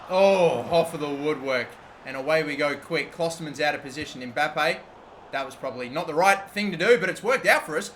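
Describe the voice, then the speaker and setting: A young Australian man commentating his own football video game, swearing freely and bursting into shouts when his team scores. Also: a little high, a little fast, slight background noise. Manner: swears often, erupts into shouting at goals. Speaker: gaming YouTuber. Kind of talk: live gameplay commentary.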